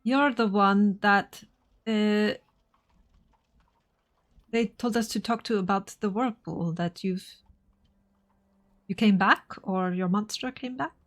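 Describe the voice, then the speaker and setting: A woman's voice: mid-range voice, slow pace, long pauses. A woman player in a tabletop game, speaking in character in a hesitant, explanatory way. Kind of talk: in-character tabletop role-play.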